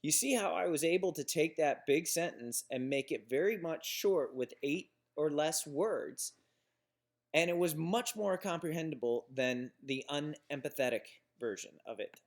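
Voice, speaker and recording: A man's voice: a little high, a little slow. Man lecturing on business writing. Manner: explains examples plainly, with restarts and fillers. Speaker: instructor.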